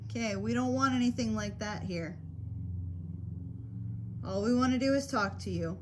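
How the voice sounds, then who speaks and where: A woman's voice: a little high, moderate pace, background noise. A woman paranormal investigator calling out to spirits in an old hotel, speaking in a patient, coaxing, reassuring way. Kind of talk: calling out to spirits during a ghost hunt.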